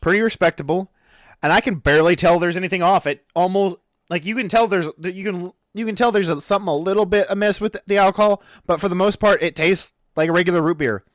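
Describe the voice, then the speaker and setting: A man's voice: high-pitched, fast talker, no echo, studio quality. A man co-hosting a podcast in casual chat, rambling and correcting himself as he goes. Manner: rambling, self-correcting, stumbles over words. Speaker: podcast co-host.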